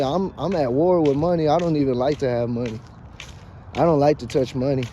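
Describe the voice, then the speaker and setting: A man's voice: a little high, mellow, a little hiss or hum. A man talking in a casual, profane, rambling vlog monologue, emphatic and dramatic with joking asides, recorded outdoors. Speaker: vlogger.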